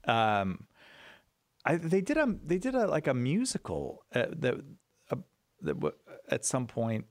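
A man hosts a live call-in radio show in a relaxed, chatty way, reading listener questions and laughing easily. His voice swoops up and down with animated energy. The studio sound is dry and close to the mic. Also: mid-range voice, measured pace, no echo. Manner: lively, laughs easily, reads caller questions. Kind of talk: casual radio chat.

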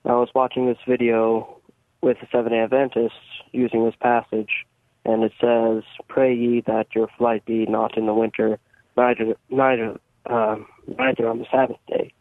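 A man from Canada calling into a radio show to ask a question, a bit halting. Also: medium pitch, little pitch movement, dry recording. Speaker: caller. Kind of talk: call-in question. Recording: phone line.

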